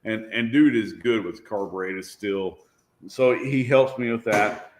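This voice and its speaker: A man's voice: on the low side, measured pace. A man, a drag racer and guest, telling a story about his car in a loose, self-deprecating way, laughing and swearing as he goes. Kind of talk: casual storytelling.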